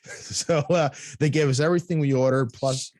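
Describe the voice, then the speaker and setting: A man's voice: mid-range voice, fairly even intonation, moderate pace, a little mellow. A man telling a casual story on a podcast, swearing freely, laughing often and acting out the voices of the people in it. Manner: profane, laughing, acts out quoted voices. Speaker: podcast co-host.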